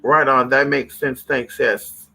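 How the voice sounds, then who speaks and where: A man hosting a spiritual livestream, chatting casually with viewers in an animated, profane way, calling them honey and girl. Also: medium pitch, slow, vocal fry, slightly rough, rough recording.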